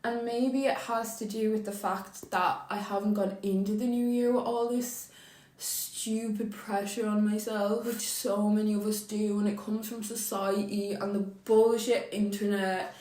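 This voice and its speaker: A woman's voice: mid-range voice, little pitch movement, unhurried, darkish tone. Chatty Irish woman in an echoey room. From Ireland. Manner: chatty, emotional, swears casually. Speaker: beauty vlogger. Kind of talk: casual chat while doing makeup.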